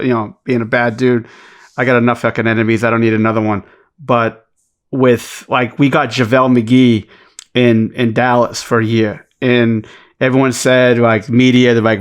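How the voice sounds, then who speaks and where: Boston-accented man, quick and profane. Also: medium pitch. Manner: fast, profane, joking, repeats words when starting. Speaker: podcast guest, basketball coach. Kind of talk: casual podcast chat.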